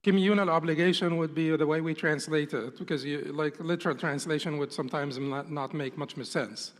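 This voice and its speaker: A man teaching a class in a patient, explanatory way, rephrasing his terms and asking questions to the room. His voice sits a little on the high side. The recording carries the long reverb of a lecture hall. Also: fairly even intonation, fairly quick. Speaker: instructor.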